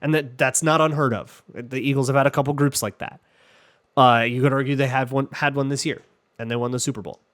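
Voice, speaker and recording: A football talk show host answers listener questions in a relaxed, joking manner, stumbling through plenty of fillers and restarts. His medium-pitched voice is steady, a bit bright, and fairly quick.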